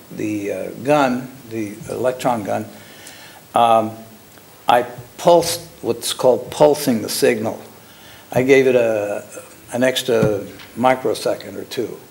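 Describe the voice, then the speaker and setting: Older man telling a story with chuckles, gravelly. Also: medium pitch, darkish tone. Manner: chuckling, halting, with restarts. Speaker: former lab technician telling his story. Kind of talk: casual anecdotal storytelling.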